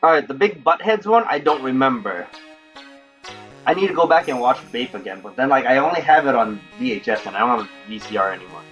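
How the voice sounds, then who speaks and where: A man's voice: mid-range voice, animated, fast, fairly bright tone, highs cut off. A man streaming a video game, chatting casually and rambling with jokes, over game music. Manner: rambling, joking.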